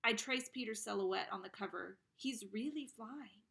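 A woman reading a novel aloud, narrating in the first person in an expressive, dramatic way. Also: a little high, normal speed, vocal fry. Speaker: reader.

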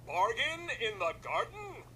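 A man's voice: very high-pitched, huge pitch swings, a little slow, bright, forceful tone, slight background noise, full character voice. An actor playing a cheery male robot game show host in a video game, with showy patter.

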